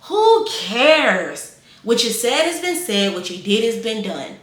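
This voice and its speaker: A woman in her twenties giving casual life advice, animated and repeating phrases for emphasis. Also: medium pitch, moderate pace, echoey room. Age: 20s.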